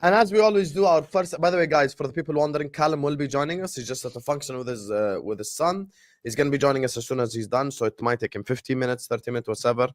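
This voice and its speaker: Man, live-stream host, casual football talk, hyped shout-outs, dry close sound. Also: mid-range voice, fast, dry recording.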